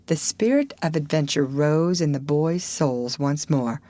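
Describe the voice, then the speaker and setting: A woman reading a novel aloud as audiobook narration, in a measured, deliberate way. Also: deep voice, dark tone, no echo. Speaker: audiobook reader. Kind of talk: scripted narration.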